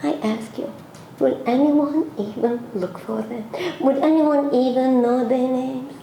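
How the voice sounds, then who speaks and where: In an echoey room with a little background noise, a religious teacher in her seventies from Hungary delivers a heartfelt lecture, asking pleading questions again and again. She speaks with a high, steady, dark-toned voice with vocal fry, at a measured pace.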